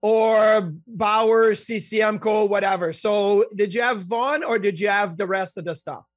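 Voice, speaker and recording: A man co-hosting a hockey podcast, firing off quick, chatty questions. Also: sits high, fairly even intonation, no room sound. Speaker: podcast co-host. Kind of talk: podcast interview.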